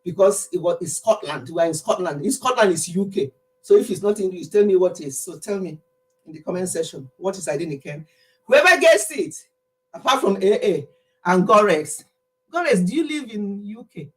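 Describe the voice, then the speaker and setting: A woman's voice: medium pitch, big pitch swings, fairly quick. A middle-aged Nigerian woman chatting casually with her livestream viewers, laughing often as she tells stories. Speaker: livestream host.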